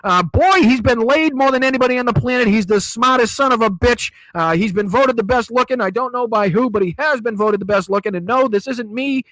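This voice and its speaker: Brief: brash, booming ring announcer hype, a man doing it high and loud. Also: brisk, few pauses, no room sound, low-quality recording. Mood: bragging. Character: boastful male ring announcer hyping a president.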